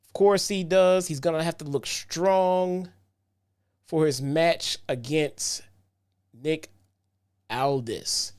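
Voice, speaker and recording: A man with a slightly high voice talks through wrestling matches in a loose, unhurried recap. He circles back on his own phrases and leans on casual fillers. The tone stays easygoing and chatty. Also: a little mellow, smooth. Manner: laid-back, frequent "um" and "man", repeats himself. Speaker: wrestling show reviewer.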